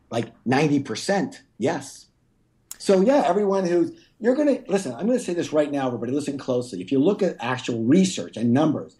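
Emphatic man with a dark, mellow voice. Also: fairly high pitch. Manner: emphatic, teacherly, addresses listeners directly. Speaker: guest author. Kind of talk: podcast interview.

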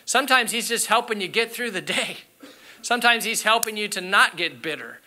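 A man's voice: sits high, fairly quick, bright, forceful tone. A man, a pastor, preaching a sermon in an earnest, candid storytelling way, repeating key phrases for emphasis. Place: church sanctuary.

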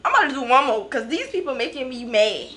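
A young woman from Louisiana with a Creole accent, vlogging in an animated, laughing, playfully indignant way. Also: high voice, fast. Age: young adult. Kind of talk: casual chat to viewers and strangers on a video app.

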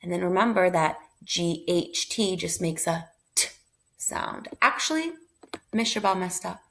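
A woman's voice: fairly low pitch, measured pace, gravelly, a bit bright. A woman teacher giving a phonics review lesson, sounding out letters one by one and blending them into words, with encouraging praise.

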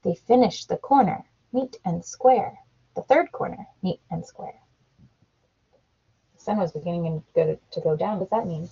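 A mother reads a picture book aloud to her child at home, with a husky, breathy voice. Her delivery is lively, with her pitch rising and falling a lot. The recording is dull and lo-fi. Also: moderate pace. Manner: animated storybook reading with sound effects. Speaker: parent reading to her child.

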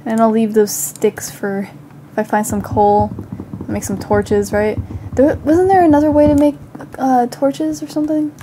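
With a mellow, slightly high voice, fairly even intonation and a moderate pace, a young woman runs casual gameplay commentary over a faint hiss or hum. The gaming channel host is a little under the weather, coughs occasionally, and alternates between chatting to herself and panicked outcries.

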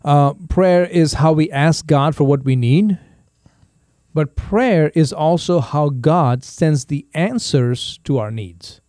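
A man's voice: on the high side, takes it slowly, no room sound, studio quality. A middle-aged man, a pastor hosting a podcast, chatting casually and acting out voices as he tells stories. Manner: animated storyteller who acts out voices in quotes. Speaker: pastor and show host. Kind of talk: casual podcast chat with storytelling.

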